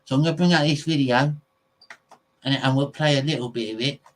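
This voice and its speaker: English male podcast host, mid-pitched, casual and rambling, lots of fillers. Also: fairly quick, poor audio. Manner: rambling, goes off on tangents, many fillers. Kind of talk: casual chat to viewers.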